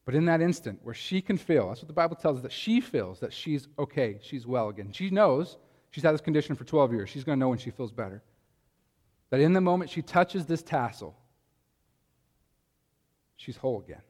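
A man's voice: mid-range voice, darkish tone, big-room sound. A man preaching a sermon, talking in a conversational way and asking his listeners rhetorical questions. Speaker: pastor.

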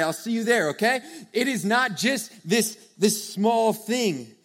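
A young man preaching a sermon to a live audience, earnest and conversational, swinging from hushed to loud emphasis. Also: high voice, expressive, unhurried, hardly any pauses. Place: church or meeting hall with a live audience.

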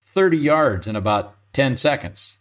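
A man's voice: medium pitch, animated, measured pace, a bit bright. An older man quoting a veteran golf pro, giving dry, folksy advice in a slightly raised voice. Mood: wry.

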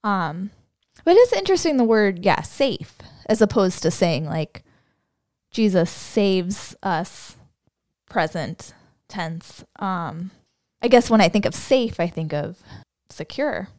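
A woman's voice: mid-range voice, very animated, a little slow, darkish tone, no room sound, studio quality. A woman who is a deaconess, co-hosting a church podcast in casual chat, friendly and musing aloud.

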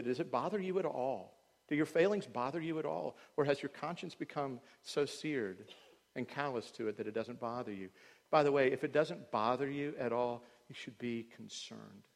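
A male pastor preaching a sermon in earnest, dropping to quiet tones and then rising loud, often putting questions to the congregation. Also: mid-range voice. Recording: long hall reverb.

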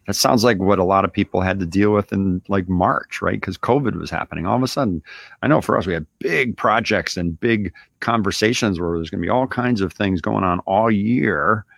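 Male host, very low gravelly voice, dry close sound, relaxed coaching talk full of "you know". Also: brisk, no room sound. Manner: loose, conversational, lots of "you know" and "right?". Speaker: business owner and show host. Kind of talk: casual coaching monologue.

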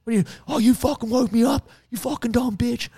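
A man's voice: very high voice, brisk, dark tone, husky, pitched above the performer's own voice, full character voice. A man mimicking an angry, aggressive gym bro who rants and swears at workers. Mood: angry, ranting.

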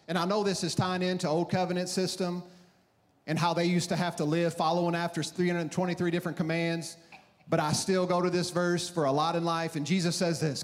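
High-voiced animated male pastor. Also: a little fast. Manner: animated storytelling, acting out his own frantic prayers. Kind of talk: sermon. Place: church stage.

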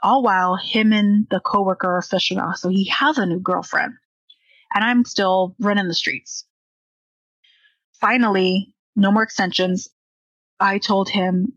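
A woman's voice: medium pitch, fairly even intonation, measured pace, fairly bright tone, dry recording, muffled recording. A young woman candidly telling a personal story, acting out the dialogue she quotes.

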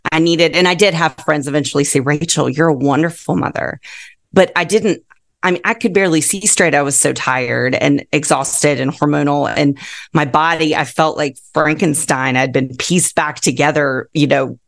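A woman talks as a guest in a relaxed interview, her voice carrying a gravelly edge. She speaks earnestly and with feeling, leaning on the points she cares about. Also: low-pitched, moderate pace. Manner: earnest, heartfelt and emphatic. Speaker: guest author and counselor. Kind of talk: casual interview talk.

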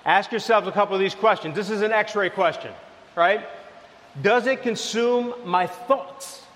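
A man preaching a sermon, telling a lively everyday story, then dropping to soft, low lines. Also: measured pace, long reverb tail. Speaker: pastor.

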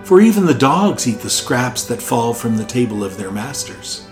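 A man's voice: mid-range voice, big pitch swings, normal speed, reverberant, music in the background, lightly acted. A man reading the Gospel aloud, voicing a desperate Canaanite mother who pleads with urgency. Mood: pleading.

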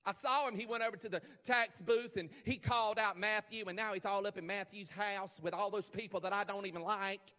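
A preacher acting out a shrill, scandalized Pharisee, gossiping in a put-on accent and sounding outraged that anyone would mix with the wrong crowd. The voice is pitched up high and bright, carried on a long church reverb. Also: male voice, steady tone, a little fast, hardly any pauses.

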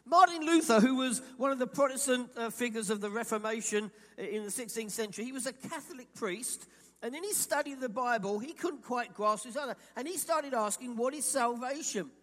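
A man from England preaching a sermon, animated and quoting imagined voices as he speaks. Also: very high-pitched, fairly quick, in a large hall. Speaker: pastor.

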